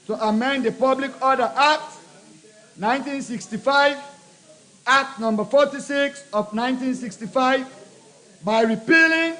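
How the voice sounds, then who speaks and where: Man, Sierra Leonean accent, very high voice, formal parliamentary speech, deliberate short phrases. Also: sharp tone, low-quality recording. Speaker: legislative committee chairman presenting a bill. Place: parliament chamber.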